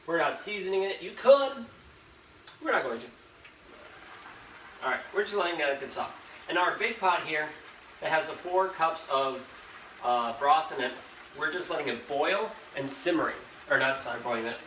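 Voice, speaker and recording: A young man chats his way through a live cooking stream, rambling and talking right to the viewers in a voice a little higher than most men's. He is recorded in an echoey home kitchen, with a fan humming clearly behind him. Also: expressive, moderate pace, pauses often, a bit bright. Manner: chatty, rambling, talks straight to viewers. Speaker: host of a live cooking show. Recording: echoey kitchen with background noise. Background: fan noise.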